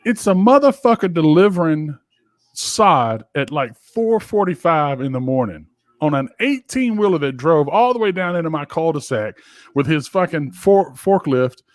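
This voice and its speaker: A man's voice: on the high side, sing-song, normal speed, no room sound. Profane rambling man, dry mic. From Georgia, US. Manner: profane, rambling storyteller with many fillers. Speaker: podcast co-host. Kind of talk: casual chat.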